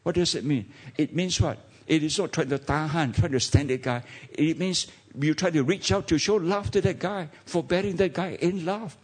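A man's voice: a little high, normal speed, few pauses, slightly rough. A man with a Malaysian English accent preaching a sermon as a pastor, talking to the congregation with many rhetorical questions.

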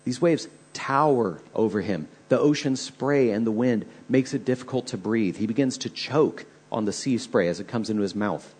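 Male pastor, husky, earnest storyteller preaching a sermon. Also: on the low side, moderate pace, few pauses, a little mellow.

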